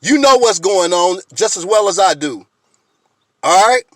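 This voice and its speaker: A man's voice: sits high, expressive, a little slow, dry recording. A man ranting bluntly and profanely to camera, fired up and insistent, keeps asking "you know what I mean". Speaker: video blogger. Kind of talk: impassioned direct-to-camera rant.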